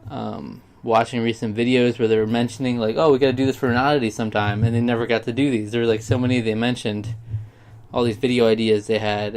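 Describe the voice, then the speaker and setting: A young man talking in a casual, rambling vlog monologue, often sidetracking himself and speaking with heartfelt sincerity. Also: medium pitch. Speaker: YouTuber.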